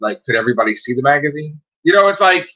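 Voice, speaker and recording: A man's voice: a little high, quick pace, lo-fi sound. A man, a self-published author, chatting casually on a livestream, swearing and acting out what people said. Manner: animated storyteller, swearing, acting out dialogue.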